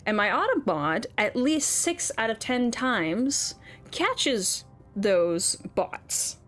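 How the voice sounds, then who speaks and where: A woman's voice: on the high side, very animated, slow, fairly bright tone, faint music behind. A woman streaming a game while chatting casually, ranting, swearing and laughing often, and under the weather. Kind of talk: casual chat while gaming.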